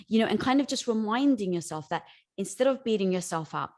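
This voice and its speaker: A woman's voice: on the high side, lively intonation, fairly quick, a little mellow. A woman guest on a podcast speaking in an encouraging, affirming way, addressing the host as "girl". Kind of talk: candid conversation.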